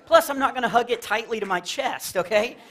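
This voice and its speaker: His voice is extremely high and a touch bright, moving a little fast. This Texas man performs a playful, chatty comedy routine before a live crowd in a church fellowship hall, jumping into goofy character voices to land his jokes.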